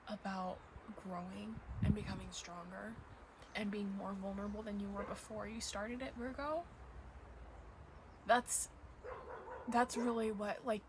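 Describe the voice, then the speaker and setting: Gushing and emotional, sometimes near tears, a woman does an informal tarot reading on camera as dogs bark behind her. She speaks in a mid-range voice over a noisy background.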